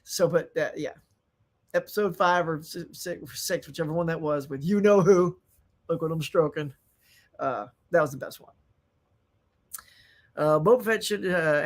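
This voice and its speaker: A fairly high-voiced man hosting a relaxed stream about films and shows. He rambles from one topic to the next with plenty of laughs and sudden bursts of excitement. He reads viewer comments aloud and answers them as he goes. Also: moderate pace. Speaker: host. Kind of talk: casual live-stream chat.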